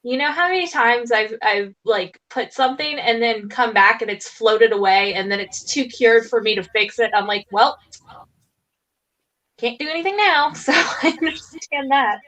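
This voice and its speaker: A woman's voice: on the high side, moderate pace, fairly bright tone, low-quality recording. A woman appearing as a guest on a craft live stream, sympathetic and reassuring toward the host. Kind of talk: casual chat on a live stream.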